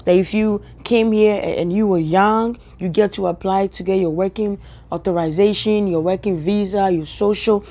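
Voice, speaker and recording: A woman's voice: medium pitch, fairly even intonation, moderate pace, dark tone. A woman from Ghana with a Ghanaian accent, giving an emphatic, repetitive opinion rant straight at her viewers. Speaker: social media commentator. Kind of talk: direct-to-camera opinion rant.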